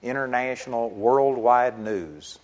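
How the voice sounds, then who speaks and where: A man's voice: mid-range voice, slow, a little mellow. A middle-aged man, a pastor, preaching a sermon in an earnest, conversational way that builds into emphatic stretches. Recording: dull lo-fi recording.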